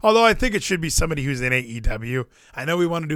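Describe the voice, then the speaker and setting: A man's voice: on the high side, racing, no echo. A man co-hosting a casual wrestling podcast, voice slightly raised and swinging up and down as he talks. He jokes and swears freely. The sound is dry and close. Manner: animated, swearing, jokey. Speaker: podcast co-host.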